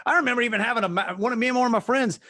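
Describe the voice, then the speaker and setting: A man in his fifties from Louisiana, co-hosting a casual chat and telling animated stories. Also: extremely high pitch, very fast, dry recording, clean studio sound. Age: 50s. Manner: animated storyteller, acts out voices. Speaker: podcast co-host.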